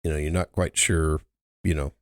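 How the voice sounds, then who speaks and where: A middle-aged man, the host's parent, chatting casually and hesitantly, filling pauses with "you know". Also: a bass voice, level tone, no room sound, studio quality. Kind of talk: casual chat.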